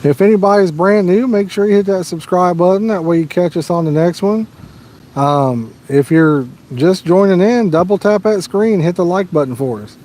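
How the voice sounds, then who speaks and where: A man's voice: high voice, moderate pace, a little mellow, a little hiss or hum. Laid-back Midwestern American man outdoors. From Midwest USA. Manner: laid-back, chatty, answers viewers' questions. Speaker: fishing livestream host. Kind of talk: casual livestream chat. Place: outdoors by a lake.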